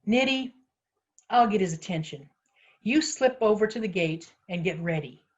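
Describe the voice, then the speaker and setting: A woman reading a story aloud, voicing a level-headed older woman who speaks gently and coaxingly. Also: medium pitch, lively intonation, normal speed, muffled recording, natural voice. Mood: steady.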